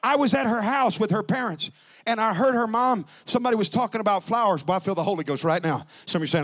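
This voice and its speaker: A man with a high voice preaching a Pentecostal sermon and a lilt. He talks to the congregation in a joking, conversational way, then climbs into loud, stretched-out preaching. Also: expressive, quick pace. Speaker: pastor.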